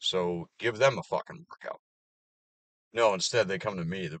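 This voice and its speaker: A man in his thirties rants in a low, deep voice. He swears freely and breaks into sarcastic laughs. The sound is close and dry. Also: moderate pace, long pauses, fairly bright tone, no echo. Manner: profane, ranting, sarcastic laughs. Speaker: vlogger. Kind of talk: casual rant to camera.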